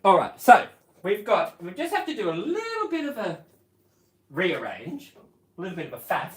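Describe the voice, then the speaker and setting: A man's voice: high-pitched, huge pitch swings, moderate pace, a bit bright, echoey room, a little hiss or hum. A man hosting his own live stream, chatting casually with viewers in a playful, giggly way and breaking into bits of song.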